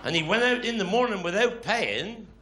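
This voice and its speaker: A man from Cornwall performs stand-up comedy live, telling dialect stories and grumbling in quoted voices. His voice sits high and is expressive at a moderate pace, amid a noisy background of audience laughter.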